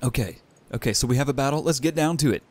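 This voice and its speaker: A young man hosting a let's play, giving excited, enthusiastic gameplay commentary. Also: fast talker. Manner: enthusiastic, bursts of high excitement.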